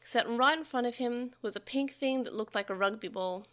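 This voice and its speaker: A young adult woman reading a novel aloud for a podcast, telling the story in a lively way with small slips and restarts. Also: a little high, normal speed.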